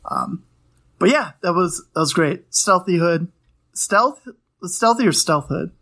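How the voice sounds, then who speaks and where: A man's voice: high voice, animated, measured pace, gravelly, fairly bright tone. A young adult man co-hosting a casual podcast, talking in a rambling, playful way and correcting himself often. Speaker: podcast co-host. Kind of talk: casual chat about trading cards.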